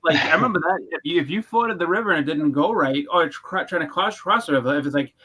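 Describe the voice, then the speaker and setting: A man's voice: a little high, animated, a bit bright, husky, low-quality recording. A young man in casual chat, rambling with restarts and acting out moments as he goes. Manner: rambling, restarts, quick reenactments.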